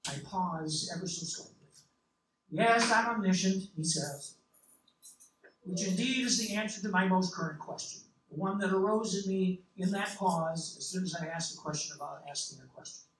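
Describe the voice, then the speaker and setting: A man reading a literary novel in the first person, with a measured, reflective delivery. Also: high-pitched. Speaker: audiobook narrator. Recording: roomy, distant mic, faint hiss.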